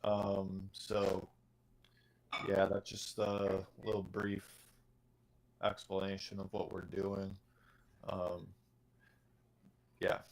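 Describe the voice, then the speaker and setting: A man guest on a live online audio chat, speaking slowly and flatly. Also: sits low, a little hiss or hum, low-quality recording. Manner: slow, flat and gravelly.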